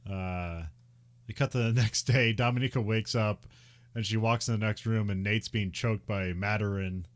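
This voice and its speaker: A man's voice: lowish voice, steady tone, moderate pace. A man casually recapping a movie on a podcast, laughing often and slipping into mock voices for the characters. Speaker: podcast co-host.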